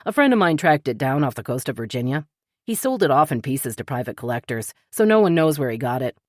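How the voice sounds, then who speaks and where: A woman's voice: extremely low pitch, very animated, fast talker, no echo, studio quality, heavily acted. A woman narrator voicing a cocky male hacker for hire who talks breezily and boasts. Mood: breezy.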